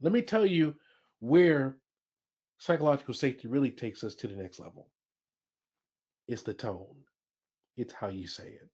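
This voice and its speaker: A man's voice: mid-range voice, moderate pace, pauses often, a little mellow, husky. A man presenting a workplace training webinar, emphatic, repeating key phrases and asking the audience questions. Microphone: webinar audio. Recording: dull lo-fi webinar audio.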